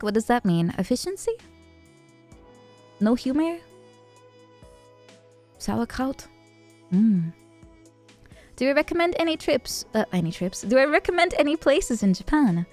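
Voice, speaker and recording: A young adult woman streamer chatting casually with viewers, rambling and halting, with a giggly manner. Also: a little high, animated, darkish tone, soft background music. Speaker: VTuber streamer. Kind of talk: casual chat answering viewer messages.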